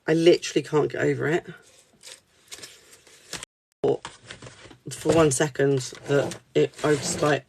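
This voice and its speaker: A woman's voice: sits low, fairly even intonation, normal speed, long pauses, a little hiss or hum. A woman, speaking as a spiritual card reader at her desk, reassuring and candid, swearing casually. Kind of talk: live spiritual reading chat.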